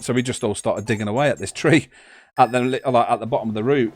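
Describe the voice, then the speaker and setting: A man's voice: mid-range voice, fast talker. A man, a podcast co-host, telling rambling stories in casual chat, laughing and swearing as he goes.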